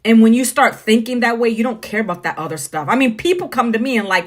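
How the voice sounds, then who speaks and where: A middle-aged American woman speaks into her phone on a live stream, her voice sitting a bit high. She talks bluntly and preachily, addressing viewers directly and by name. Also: animated, quick pace. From United States. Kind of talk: casual live-stream monologue.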